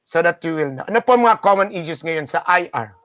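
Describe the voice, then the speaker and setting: A man with a Filipino accent hosting a talk show, eager and quick to jump in with questions. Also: a little high, no room sound, highs cut off. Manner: excitable, interrupts and apologizes, restarts often. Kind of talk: casual interview hosting mixing English and Tagalog.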